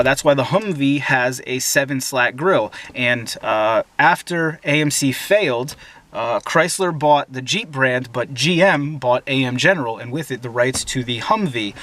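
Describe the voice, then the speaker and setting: A man's voice: mid-range voice, a bit bright. A young man hosting a casual car Q&A from inside a parked SUV, opinionated and joking, with many fillers. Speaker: host. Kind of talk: casual automotive Q&A.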